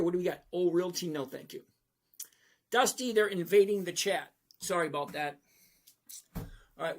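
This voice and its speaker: A man's voice: on the high side, fairly bright tone. Playful man hosting a live trading chat. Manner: playful, emphatic, drawn-out repetition. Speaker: trading show host. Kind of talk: casual livestream chat Q&A.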